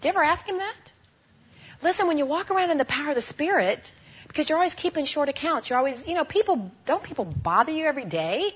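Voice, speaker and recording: A woman teaching a women's group in a lively way, often asking the audience questions and having them fill in words. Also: high voice, quick pace. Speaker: Bible teacher at a women's gathering. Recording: dull lo-fi recording.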